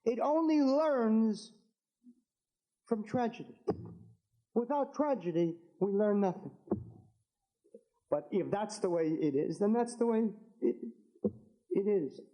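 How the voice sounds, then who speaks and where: A man's voice: high-pitched, expressive, measured pace, pauses often, warm tone, poor audio. A man, a rabbi, giving an impassioned political speech to an audience, fervent and repetitive, building to emphatic declarations.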